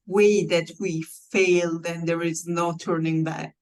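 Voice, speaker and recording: A woman podcast host with a lowish voice who takes her time over every phrase. She talks in a measured, encouraging way and keeps affirming her guest. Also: flat delivery, a little mellow, low-quality recording. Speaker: podcast host and executive coach. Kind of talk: casual interview chat.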